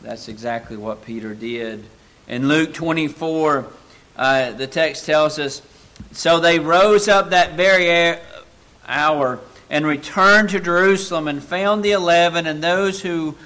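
Slow, bright-voiced male preacher. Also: a little high. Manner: slow, dramatic, swings from loud to hushed. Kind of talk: sermon.

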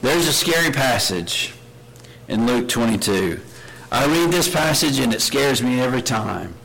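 A man's voice: medium pitch, animated, a little slow, vocal fry, fairly bright tone, rough recording. A man preaching a sermon, earnest, asking his listeners questions and reading scripture aloud with rising emphasis. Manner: earnest, asks the congregation many questions.

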